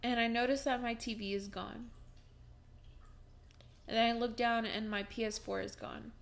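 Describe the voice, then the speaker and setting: A woman's voice: on the high side, steady tone, moderate pace, creaky. A young woman vlogging from home, telling a personal story in a casual, chatty way with many fillers and restarts, and breaking into laughs as she talks.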